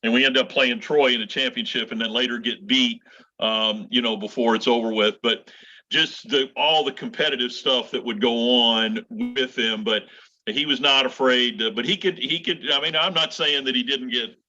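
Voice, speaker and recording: A man's voice: mid-range voice, normal speed, bright, forceful tone, lo-fi sound. A middle-aged man, a college baseball coach, telling stories in casual chat with many restarts. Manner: rambling, many restarts and fillers.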